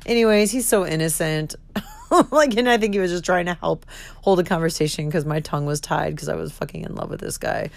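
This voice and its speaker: A woman's voice: deep voice, fairly quick, creaky, darkish tone, no echo. A woman in her thirties hosting her own podcast, talking candidly, giggling often and swearing freely. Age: 30s. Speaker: podcast host. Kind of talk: candid solo podcast monologue.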